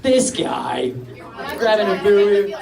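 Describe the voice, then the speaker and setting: Rambling young male stand-up comic, lively. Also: sits high, takes it slowly, vocal fry, crowd noise. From England. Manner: rambling, self-deprecating, goes off on tangents. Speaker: stand-up comedian. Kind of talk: stand-up comedy set. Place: comedy club stage with a live audience. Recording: distant live stand-up recording with audience laughter.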